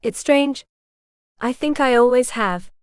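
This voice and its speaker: A woman reading the lines of a proud but frightened young noble bride in an audiobook, often hushed. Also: fairly high pitch, takes it slowly, smooth, no echo, clean studio sound.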